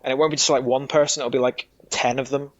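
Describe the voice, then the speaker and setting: With a crowd audible behind him, a podcast guest reviews a game in a loose, rambling chat, frequently restarting sentences and cursing. He talks fast at medium pitch in a level tone, captured with dull, dry sound.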